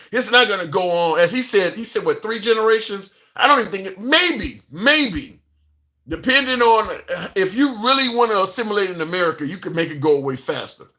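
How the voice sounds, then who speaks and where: Bright-voiced man hosting a call-in show. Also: a little high. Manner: talks back to chat and callers, restarts and emphatic repeats. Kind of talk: casual political commentary.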